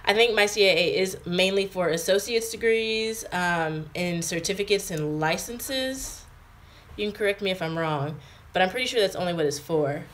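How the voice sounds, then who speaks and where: With a lowish, fairly bright voice at a normal speed, this twenty-something American woman chats casually on a livestream from her English home. There's slight background noise as she reads out viewer comments and answers them, filler words everywhere.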